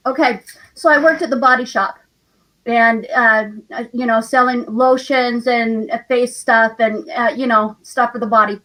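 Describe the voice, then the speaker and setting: A woman's voice: fairly high pitch, steady tone, unhurried, fairly bright tone, far from the mic, low-quality recording. Chatty woman telling a story. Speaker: guest on a call, a participant's wife. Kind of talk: telling a casual anecdote.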